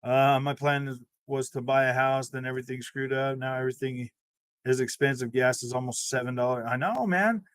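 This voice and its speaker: A man's voice: medium pitch, fairly quick, a bit bright, no room sound. A young man hosting a gaming channel, chatting casually and rambling, with lots of "man" and "dude" and frequent laughs, on a close desk mic. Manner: rambling, loose speech full of "man" and "dude", laughs often. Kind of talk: casual livestream chat.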